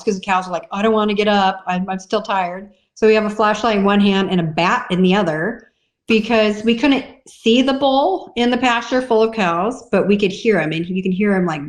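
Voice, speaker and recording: A woman dairy farmer as a podcast guest, chatting casually and acting out little voices in her stories. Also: medium pitch. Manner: chatty storyteller, acts out voices.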